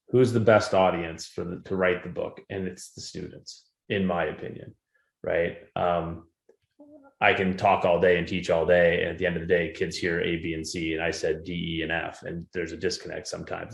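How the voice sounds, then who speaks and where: A man with a low, gravelly voice gives a relaxed, conversational talk to a conference audience. He speaks like an educator sharing his classroom experience. The sound has a noticeable room echo. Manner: conversational, animated when retelling anecdotes. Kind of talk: conference presentation. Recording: roomy echo.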